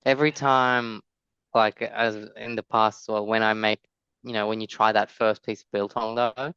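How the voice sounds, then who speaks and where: A man with a South African accent, co-hosting a podcast in relaxed casual chat and often restarting his sentences. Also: on the low side, moderate pace, clean tone, dry recording, muffled recording. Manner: laid-back, hesitant, restarts a lot. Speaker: podcast co-host.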